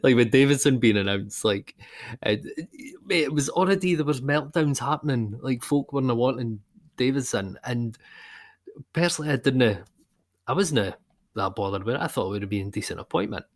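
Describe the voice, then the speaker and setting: A man with a Scottish accent co-hosting a casual football podcast, chatty and quick to laugh. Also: medium pitch, expressive. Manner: chatty, peppered with "you know", quick to laugh. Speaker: podcast co-host.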